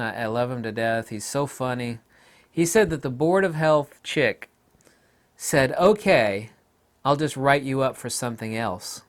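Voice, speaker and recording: A middle-aged American man in a casual, ranting monologue, with sudden loud outbursts. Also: medium pitch. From United States. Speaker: video commentator.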